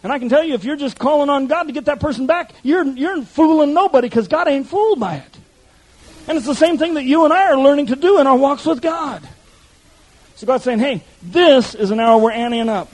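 A man's voice: extremely high pitch, expressive, fairly quick, poor audio. A male pastor preaching an impassioned sermon, speaking directly to his congregation.

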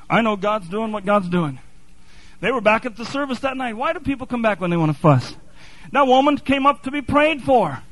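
High-voiced male preacher, dry close mic, impassioned sermon delivery. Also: a bit bright, no echo, rough recording. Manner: impassioned, building to fervent repetition.

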